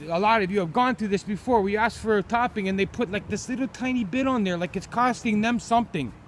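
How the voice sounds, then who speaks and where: A man's voice: high-pitched, slight background noise. A middle-aged man, ranting bluntly and profanely as he tells an angry story in his vlog. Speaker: vlogger.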